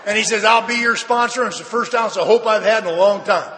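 A middle-aged man sharing his story with a live audience at a recovery meeting, a folksy comic storyteller with dry deadpan asides. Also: sits high, quick pace. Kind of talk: humorous personal testimony to an audience. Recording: reverberant hall, faint background noise.

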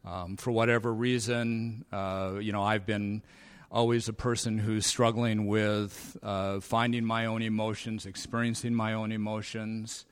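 A man in his fifties sharing his recovery story at a convention, halting with many fillers and a dry, sarcastic humor. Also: fairly low pitch, little pitch movement, clear, resonant tone, dry recording. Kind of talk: personal talk at a convention. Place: convention meeting room.

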